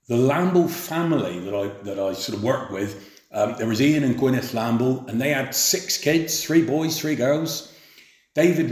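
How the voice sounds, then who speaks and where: Man reminiscing in a roomy room. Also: medium pitch. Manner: unhurried, anecdotal, hesitant fillers. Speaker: former farmhand reminiscing. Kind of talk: spoken reminiscence. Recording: roomy echo.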